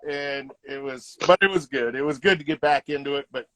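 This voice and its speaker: A brisk, medium-pitched voice belongs to a middle-aged retired hockey player telling casual stories in an interview, animatedly acting out the quotes. There's no echo, though the recording quality is low.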